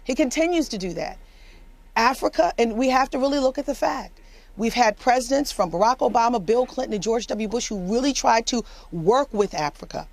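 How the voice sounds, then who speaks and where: A fairly high-voiced woman commentator, speaking with emphatic passion as she argues a point on a news panel. She often repeats words to drive home what she says. Her voice sounds dry and close. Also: animated, brisk, dry recording. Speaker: political commentator. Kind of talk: impassioned panel discussion.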